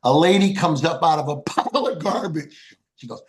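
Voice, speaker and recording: A man's voice: a little high, normal speed, background noise. An older man, a podcast guest, telling folksy, heartfelt stories and reciting poems. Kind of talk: storytelling interview.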